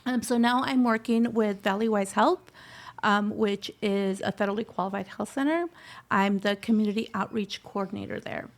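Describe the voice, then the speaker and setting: A woman's voice: mid-range voice, steady tone, moderate pace. A middle-aged woman telling her personal story in an interview, heartfelt, slipping Spanish phrases into her English. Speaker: scholarship recipient guest.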